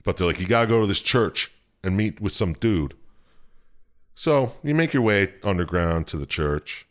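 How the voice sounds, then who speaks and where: A man with a very low voice talks through a story in a relaxed, rambling podcast chat. He swears freely and laughs easily along the way. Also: normal speed. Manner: loose, profane storytelling with frequent laughs. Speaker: podcast co-host. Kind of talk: casual chat recapping a video game.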